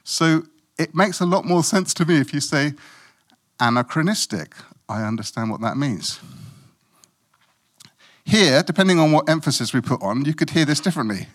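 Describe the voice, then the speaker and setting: A man's voice: fairly high pitch, lively intonation, normal speed. Playful man preaching a sermon. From Africa. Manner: conversational, self-mocking, playful asides with acted quotes.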